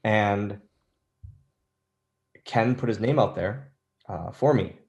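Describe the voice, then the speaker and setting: A man's voice: on the low side, slow pace, darkish tone, lo-fi sound, slight background noise. A man in his thirties telling rambling, self-deprecating stories as an interview guest, with lots of restarts. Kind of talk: casual storytelling interview.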